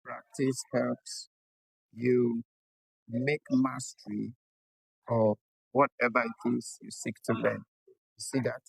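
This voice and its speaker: A man teaching English pronunciation at a board, spelling out letters slowly and checking in often with his students. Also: medium pitch, little pitch movement, vocal fry, husky, no echo, low-quality recording. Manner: slow, deliberate, spells out letters and checks in with the class. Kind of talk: classroom lesson at a board.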